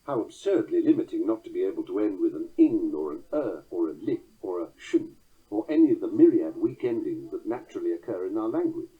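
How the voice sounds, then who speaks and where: A man reading a book on poetry aloud, measured, chanting verse rhythms and reciting quotations slowly. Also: low-pitched, very animated, breathy edge. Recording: tinny phone-like sound.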